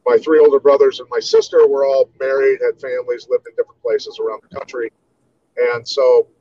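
Relaxed man from Iowa telling stories. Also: mid-range voice, a little fast, no room sound, highs cut off. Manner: relaxed storyteller, many "you know"s. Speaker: guest, martial artist. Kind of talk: casual interview storytelling.

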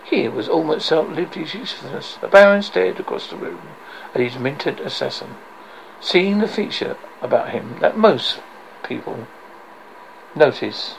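A man's voice: a little high, animated, measured pace, creaky, a little hiss or hum, rough recording. A man reading a novel aloud in a dramatic way, with occasional slips and restarts. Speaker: reader.

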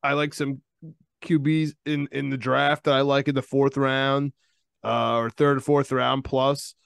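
A young man, co-hosting a casual sports podcast, rambling and excitable, laughing often. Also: medium pitch, a little slow, gravelly, clean tone, no echo, clean studio sound. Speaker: podcast co-host.

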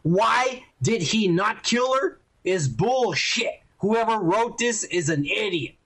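A man's voice: sits high, expressive, slow, fairly bright tone, husky. A man hosting a podcast, ranting heatedly and swearing a lot while reviewing a show. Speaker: podcast host. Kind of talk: casual ranting review chat.

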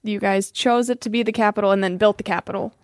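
A woman's voice: medium pitch, fairly even intonation, quick pace, no room sound, studio quality. A young American woman in her twenties, a footballer guest chatting modestly on a podcast and laughing often. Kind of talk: casual podcast interview.

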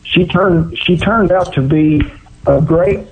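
Folksy Oklahoma cowboy man, higher voice. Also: slow pace, a little mellow, slight background noise, poor audio. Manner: drawling, folksy storyteller with country grammar. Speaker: guest. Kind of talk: folksy storytelling interview.

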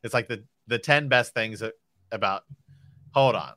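Brief: male co-host, bright and forceful, animated, reads passages aloud. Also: on the low side, moderate pace, no room sound. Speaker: podcast co-host. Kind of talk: casual book discussion and reading aloud.

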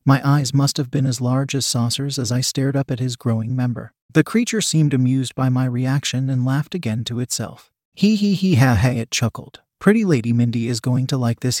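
A man's voice: medium pitch, a little mellow, no echo. Man narrating a story, dry close sound. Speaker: reader.

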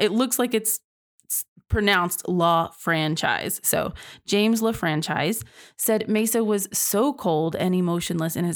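A young woman hosting a true crime podcast, telling the case in a chatty, casual way and reacting with disbelief. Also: lowish voice. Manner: chatty, reacts with sighs and laughs, says y'all.

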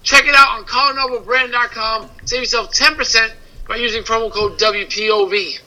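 A man's voice: very high voice, fairly even intonation, brisk, over a noisy crowd, rough recording. A man co-hosting a casual podcast, joking playfully and reading a sponsor spot. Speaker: podcast co-host. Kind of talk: casual chat and ad read.

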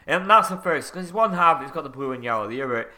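A man, chatting casually in sweary, animated banter and laughing readily. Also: on the high side, fast. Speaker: co-host.

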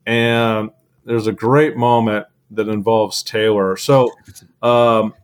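A man co-hosting a podcast who recaps events in a relaxed, easygoing way with plenty of fillers. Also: fairly low pitch, slow pace, clean tone. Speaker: podcast co-host. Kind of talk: casual chat.

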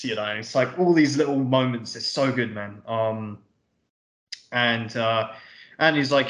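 With a steady, mid-range voice that's a bit bright and a moderate pace, a podcast co-host casually recounts a movie scene after scene. His retelling rambles, paraphrases dialogue offhandedly, and includes plenty of swearing, captured with roomy echo.

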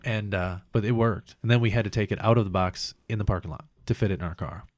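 A man's voice: fairly low pitch, fast, no echo. A man casually telling a long complaint story, swearing often and acting out the people he quotes. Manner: profane, animated retelling with quoted voices.

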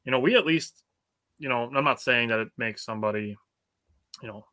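A man's voice: medium pitch, brisk, pushed and bright, dry recording, studio quality. A man co-hosting a sports podcast in casual chat, rambling and padding his points with "you know".

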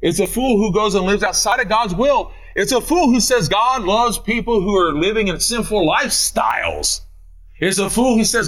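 A man preaching a sermon as pastor, emphatic and repetitive, swinging between loud declarations and hushed asides. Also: sits high, moderate pace, rough recording. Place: church.

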